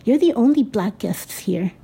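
A woman's voice: fairly high pitch, expressive, normal speed, vocal fry, dark tone, husky, heavily acted. A woman voicing a drunk, blunt male tourist who presses his point and repeats himself in a storybook reading. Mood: pushy. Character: drunk blunt middle-aged man tourist.

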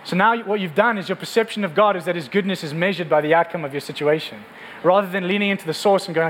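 A man's voice: high-pitched, quick pace, a bit bright, a little hiss or hum, rough recording. A male pastor giving a sermon to a congregation in a room, in an earnest, conversational way that often repeats words.

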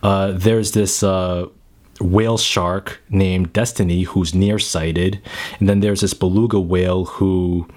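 Guy doing a casual movie review vlog, lowish voice, keeps stumbling and repeating words, gets emotional, lots of "you know" and "man". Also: fairly even intonation, slow pace, a little mellow. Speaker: film reviewer. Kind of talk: casual spoken film review.

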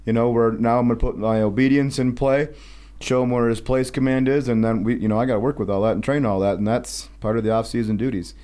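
A man, a dog trainer guest on a podcast, talking in a quick, offhand way. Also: mid-range voice, fairly even intonation, warm tone. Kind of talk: casual chat.

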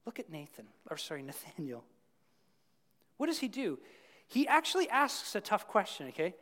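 A man preaching a sermon to his congregation in a conversational, animated way, with frequent asides to the listeners. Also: on the high side, normal speed, pauses often, long reverb tail. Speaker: pastor. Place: church.

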